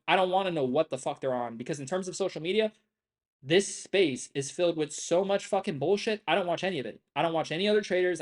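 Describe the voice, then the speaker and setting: Blunt, profane male day-trading streamer. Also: fairly high pitch. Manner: intense, emphatic repetition. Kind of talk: live trading stream commentary.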